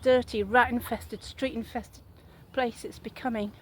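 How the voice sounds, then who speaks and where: A woman's voice: on the high side, fairly even intonation, measured pace, husky, rough recording. Chatty woman vlogging. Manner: chatty and rambling, asks viewers questions. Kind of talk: casual monologue to viewers.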